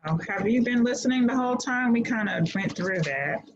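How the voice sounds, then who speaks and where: A woman tutoring a class over a video call, reading answers in a patient, steady way. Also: on the high side, fairly quick, a little hiss or hum. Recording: dull video-call audio.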